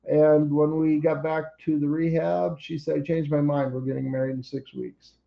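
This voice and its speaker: A man's voice: on the high side, little pitch movement, normal speed, creaky, muffled recording. An older man wryly telling his daughter a personal story over a computer call. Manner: wry, plainspoken storytelling.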